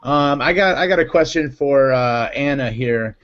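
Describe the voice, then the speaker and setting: A man's voice: mid-range voice, moderate pace, lo-fi sound, a little hiss or hum. A man hosting a casual live video chat and teasing his guests in a joking way. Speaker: host. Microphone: video call.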